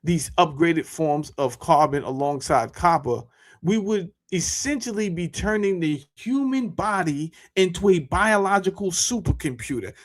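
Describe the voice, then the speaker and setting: A man talking casually to his viewers as a YouTuber, animated and full of rhetorical questions and slang. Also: fairly high pitch, measured pace. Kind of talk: casual monologue to camera.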